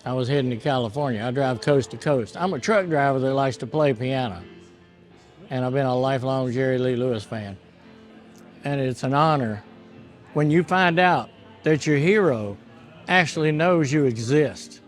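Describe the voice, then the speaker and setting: Man, emphatic, admiring fan, mid-pitched, soft music in background. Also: normal speed. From Washington, D.C. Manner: admiring, emphatic, repeats himself. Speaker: truck driver and fan. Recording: faint music behind.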